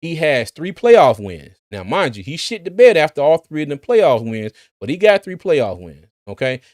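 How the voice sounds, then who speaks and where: A man's voice: a little high, sing-song, normal speed, a little mellow, dry recording, studio quality. A man who hosts a sports channel, giving casual livestream commentary, chatty, laughing often and repeating words.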